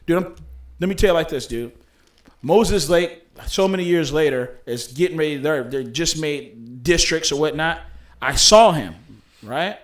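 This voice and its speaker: A man coaching youth football swaps stories in a relaxed podcast chat. He tells them with lively, profane energy. His voice sits a little high. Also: unhurried. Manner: animated, profane storyteller.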